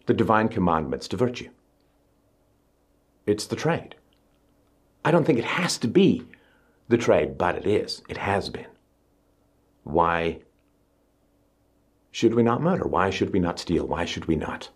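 A middle-aged man giving an emphatic public speech, pushing his pitch up on stressed words. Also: slightly rough. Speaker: speaker.

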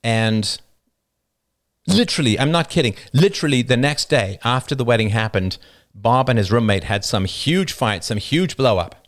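A man's voice: animated, normal speed. Passionate rambling male livestream host. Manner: passionate, rambling storyteller who laughs at his own stories; acts out quoted people in a higher voice. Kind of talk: unscripted monologue on a livestream.

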